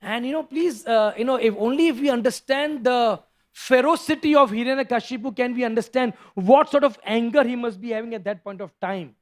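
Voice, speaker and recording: A man telling a scripture story in a sermon, animated and stopping to restart often. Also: very high voice, a little fast. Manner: animated, acts out characters, frequent restarts. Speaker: preacher giving a scripture class.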